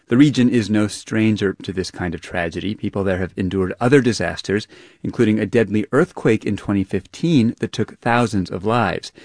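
A man's voice: on the low side, a little mellow, no room sound, clean studio sound. A man hosting a radio news program, reading a scripted introduction steadily. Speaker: news host.

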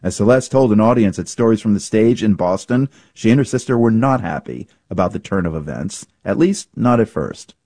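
Male radio host, deep and warm, dry booth, measured delivery. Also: expressive, no echo. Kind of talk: scripted radio introduction.

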